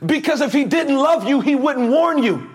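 A man preaching a sermon to a church congregation, energetic and calling out to the crowd for answers. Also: very high-pitched, normal speed.

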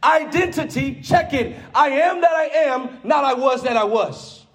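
High-voiced preacher man building to shouts. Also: animated, measured pace. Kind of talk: sermon.

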